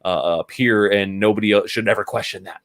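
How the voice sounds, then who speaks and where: A man talking casually about crypto communities, relaxed and rambling, with many fillers and restarts, swearing bluntly at times. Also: fairly low pitch, fairly quick. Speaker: NFT podcast guest. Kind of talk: casual chat.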